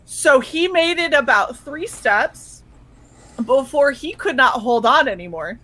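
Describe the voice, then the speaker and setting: A woman co-hosting a relaxed stream, telling a comic story with lively quoted asides and plenty of casual swearing. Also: sits high, unhurried, rough recording. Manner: animated storyteller, swears freely, acts out quotes. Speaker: co-host of a chill stream. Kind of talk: casual chat.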